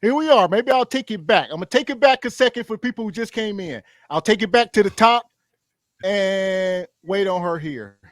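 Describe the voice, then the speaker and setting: A man's voice: high voice, lively intonation, moderate pace, dry recording, studio quality. A man hosting a podcast in casual chat, easygoing and inviting. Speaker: podcast host.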